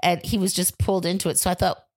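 An older woman, a guest on an interview, telling lively stories, acting out quotes and swearing freely. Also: fairly low pitch, fast talker, no echo. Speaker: guest, improv theater founder. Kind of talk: casual storytelling interview.

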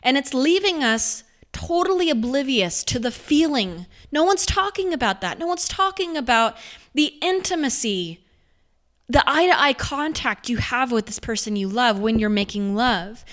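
A woman speaking candidly and reflectively in a personal storytelling monologue, her loudness rising and falling as she goes. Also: a little high, lively intonation, moderate pace. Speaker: speaker on faith and sexuality.

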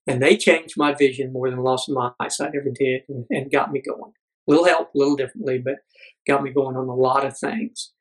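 A middle-aged man, a podcast guest, telling a personal story earnestly, halting with many fillers. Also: medium pitch, steady tone, rough recording.

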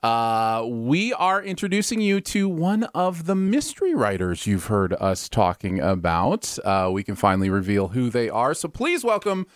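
A man's voice: medium pitch, no echo. Guy co-hosting a chat show, jokey, voice swings up and down a lot, dry close sound. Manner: animated, jokey, quick to laugh. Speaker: podcast co-host. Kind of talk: casual chat.

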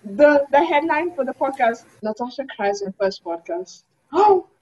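Animated high-voiced woman host, lo-fi. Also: moderate pace, breathy edge. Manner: animated, playfully teasing. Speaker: podcast host. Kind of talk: casual chat. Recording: muffled lo-fi audio.

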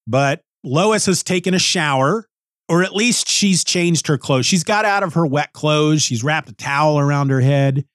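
A man's voice: on the high side, moderate pace, a bit bright, no echo, studio quality. A man reviewing a comic book in a casual, rambling way, often restarting and musing aloud.

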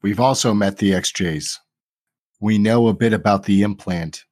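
A man in his forties playing a tabletop game, measured and a little halting. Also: fairly low pitch, darkish tone, no echo. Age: 40s. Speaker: player.

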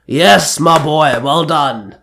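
A jovial old alley owner booms his praise with a chuckle, as a man puts him on. This is a fan audiobook read by one man. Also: fairly quick, a little hiss or hum, natural voice. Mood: hearty. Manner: chuckling, hearty. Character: jovial older bowling alley owner, male.

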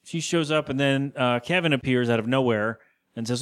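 A man's voice: mid-range voice, a bit bright, smooth. Male podcast co-host, loose chatty recap, mid-range voice. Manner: rambling, acts out character lines in quick voices. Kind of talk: casual episode recap.

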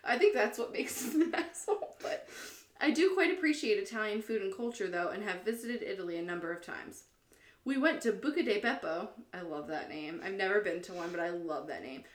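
A woman in mid-range pitch co-hosts a casual podcast, reading forum posts aloud and breaking into laughter often. The room around her is roomy and echoey. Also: animated, brisk. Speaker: podcast co-host.

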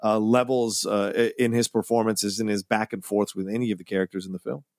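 A man's voice: lowish voice, steady tone, fairly quick, a little mellow, dry recording, studio quality. A man co-hosting a casual film podcast, talking in an enthusiastic, rambling way with the odd curse. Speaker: podcast co-host.

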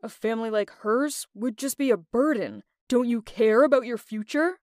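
A woman's voice: fairly high pitch, normal speed, darkish tone, no echo, studio quality, close to an everyday voice. A woman voicing a stern wealthy father who speaks with cold contempt and gives orders. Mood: scornful. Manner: contemptuous, commanding.

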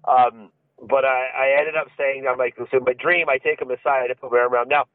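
A podcast co-host with a medium-pitched, steady voice talks a little fast, telling a story full of swearing and laughter in casual chat. The recording is dry and lo-fi, like a phone, with no room sound.

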